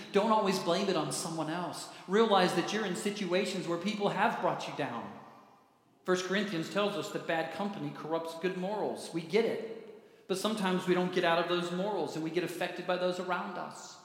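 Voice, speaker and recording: A male pastor preaching a sermon in a church, with emphatic phrasing that drops low at the ends of lines. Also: normal speed. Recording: echoey hall reverb.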